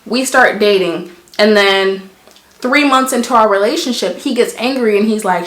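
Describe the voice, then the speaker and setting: Woman vlogger, sassy and emphatic, mid-pitched voice, echoey room sound. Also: normal speed, a bit bright. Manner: blunt, emphatic, sassy, uses examples. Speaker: vlogger giving relationship advice. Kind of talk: casual chat to camera.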